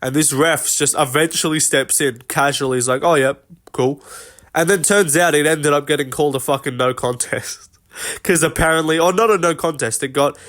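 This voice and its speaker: A man's voice: a little high, fairly bright tone. A man hosting a casual commentary vlog, rambling and swearing with lots of fillers. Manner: rambling and profane, many fillers. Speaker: host.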